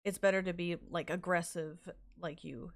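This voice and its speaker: A woman's voice: on the low side, steady tone, moderate pace. A woman in casual podcast chat, talking hesitantly with fillers and restarts. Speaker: podcast guest.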